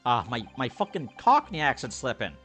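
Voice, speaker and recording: A man's voice: medium pitch, huge pitch swings, normal speed, a bit bright, husky, soft background music. A man commentating casually on a game he is playing, joking and swearing. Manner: joking, profane. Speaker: let's play commentator.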